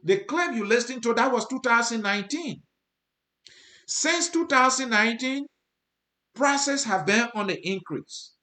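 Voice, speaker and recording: A man's voice: very high-pitched, lively intonation, unhurried, pushed and bright. A man with a Liberian accent giving commentary to his viewers, earnest, repeating his points for emphasis. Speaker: host. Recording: roomy, echoey sound.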